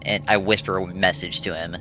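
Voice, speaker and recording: A man's voice: sits low, steady tone, brisk, over music, low-quality recording. A young man playing a tabletop game, talking casually and swearing a lot. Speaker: player.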